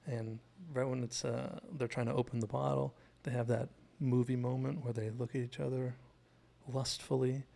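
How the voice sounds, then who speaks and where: Gravelly man recapping a TV episode. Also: mid-range voice, little pitch movement, normal speed, mellow. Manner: chatty and digressive, retells scenes. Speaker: TV show analysis host. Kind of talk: casual scene-by-scene commentary.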